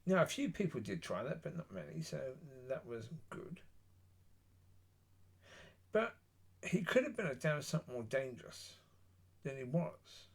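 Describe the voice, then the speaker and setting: A man with a gravelly, husky voice delivers a blunt solo monologue on politics. He talks in a rambling way, with pauses. His pitch sits in a middle range for a man. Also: very animated. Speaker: political commentator.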